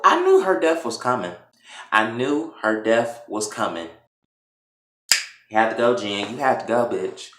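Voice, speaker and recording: Man, TV recap, casual, profane, lively pitch, roomy echo. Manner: animated, profane storytelling. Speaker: TV show reviewer. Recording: echoey room.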